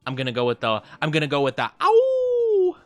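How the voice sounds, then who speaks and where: A young man chatting casually on a live stream, rambling and self-deprecating, often jumping into high squeals. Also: fairly even intonation, very fast, a bit bright, no echo, soft background music.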